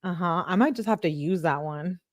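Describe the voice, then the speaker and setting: Female commentator, lowish voice, chatty, reads texts aloud, dry close mic. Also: brisk, dry recording. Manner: chatty, laughs often, talks to chat. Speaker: true crime commentator reading texts. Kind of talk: casual commentary reading messages aloud.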